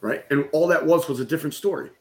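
A man's voice: fairly high pitch, expressive, quick pace, slight background noise. A middle-aged man in a conversation, telling an emotional personal story in a candid way and often checking in with "right?". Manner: candid, keeps saying "right?". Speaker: guest, business coach.

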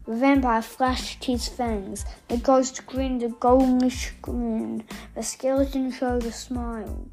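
A woman reading a children's story aloud in an expressive, playful way. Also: a little high, takes it slowly. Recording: faint background music.

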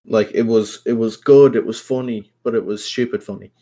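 Brief: young podcast co-host, an eager talker who swears a lot. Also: male voice, lowish voice, fairly even intonation, moderate pace, mellow. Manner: enthusiastic, swears freely. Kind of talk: casual chat.

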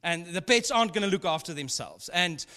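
A man's voice: high-pitched, expressive, brisk, sharp tone. A man preaching a sermon as pastor, in a chatty, humorous storytelling way with frequent asides. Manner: conversational, humorous storytelling with laughs. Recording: long hall reverb.

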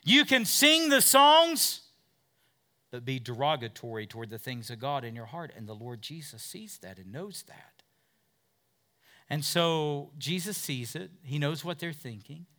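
A man preaching a sermon as pastor, moving from hushed, low passages to loud, emphatic ones and voicing doubters in quotes. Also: lively intonation, moderate pace. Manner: acts out doubters' voices in quotes.

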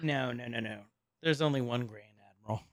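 A man's voice: medium pitch, a little fast, no echo, clean studio sound. A man co-hosting a casual podcast, recapping an episode, laughing often and stumbling over names. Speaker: podcast co-host.

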